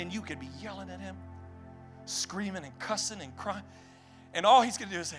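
A man preaching a passionate sermon in a church, swinging from hushed tones to shouted, repeated refrains. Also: high-pitched, fairly quick, soft background music. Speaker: pastor. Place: church sanctuary.

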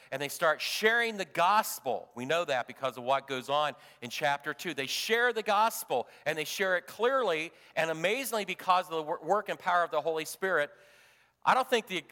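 Preaching man in an echoing hall. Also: on the high side. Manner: preaching with big swings from loud to hushed. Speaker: pastor. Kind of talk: sermon.

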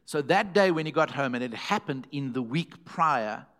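A man's voice: fairly high pitch, animated, normal speed, a bit bright. A middle-aged man, a pastor telling a story in a sermon, acting out the voices he quotes.

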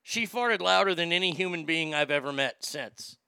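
A man tells candid, rambling family stories to listeners who know him, swearing freely. His voice is gravelly and forceful, with a tense edge. It sounds close and dry, with no room echo. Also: a little high, expressive, normal speed. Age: adult. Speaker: storyteller. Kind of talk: casual storytelling to a familiar audience.

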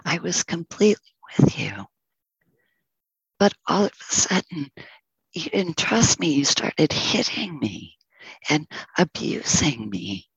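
A storyteller voicing a gentle, proud ox in a parable, speaking slowly and often in a whisper. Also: mid-range voice, very animated, breathy edge, no echo, exaggerated voice, rough recording. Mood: hurt. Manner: soft, slow, often whispered. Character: gentle proud ox, dignified and wise.

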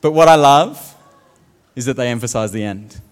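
A man's voice: medium pitch, moderate pace, long reverb tail, faint music behind. A man preaching a sermon as a pastor, telling funny stories and mimicking the way others speak. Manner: humorous storytelling, mimics accents.

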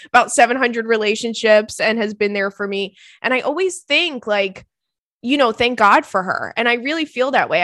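Young female podcast host, expressive and chatty, slightly high voice. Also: no room sound, clean studio sound. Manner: chatty, ranting, laughs often. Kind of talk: casual chat.

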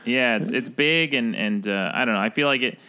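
A man, an improv comedian, chatting casually and telling a story with lively acted-out quotes. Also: mid-range voice, fairly quick, clean tone. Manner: animated storyteller, acts out quoted voices. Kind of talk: casual podcast chat.

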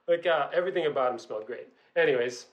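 A man's voice: mid-range voice, fast talker, muffled recording. A man, a podcast guest, telling a story in casual chat, using lots of filler words and acting out quotes. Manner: animated, full of "like" fillers, acts out quotes.

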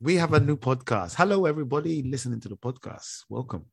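A man's voice: mid-range voice, animated, fast talker, gravelly, husky. Playful teasing man podcast co-host. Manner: playful teasing, poses questions with a setup. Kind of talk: casual podcast chat.

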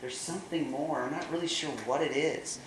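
Guy preaching and retelling a movie plot, lively with dry little jokes, echoey room with faint hum behind. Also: fairly high pitch, a little fast. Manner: animated retelling with wry asides. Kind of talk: sermon storytelling.

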